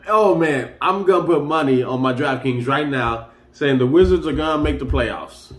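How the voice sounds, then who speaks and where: An excitable man talks sports in a loose, rambling way, his slightly raised voice bouncing around a roomy, echoey space. He is casual and keeps getting fired up. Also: on the high side, moderate pace. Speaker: sports commentary host.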